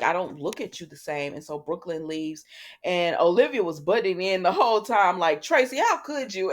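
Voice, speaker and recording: A woman hosting a casual soap opera recap, chatting loosely and retelling scenes through quoted dialogue, with plenty of fillers and offhand asides. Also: fairly low pitch.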